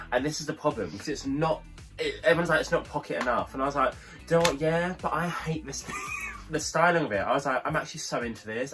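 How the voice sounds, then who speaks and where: A young man telling a rambling story on a review show, jumping in and out of voices. He talks fast with a lively, swinging pitch. Faint music plays under the chat. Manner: chatty, animated storyteller, acts out voices. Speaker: podcast co-host.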